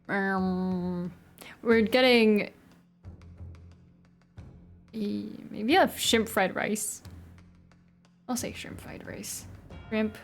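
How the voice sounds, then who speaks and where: A young woman streaming a game, chatting casually with her viewers and giggling between lines. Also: mid-range voice. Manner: chatty, giggly asides to chat. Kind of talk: casual live-stream chat.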